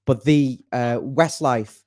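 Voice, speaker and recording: A middle-aged man talks casually and jokes easily, sometimes breaking into falsetto snatches of song. His voice sits at an ordinary middle pitch. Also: slow pace, a little mellow. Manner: jokey, breaks into falsetto singing. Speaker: fan show co-host. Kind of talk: casual chat.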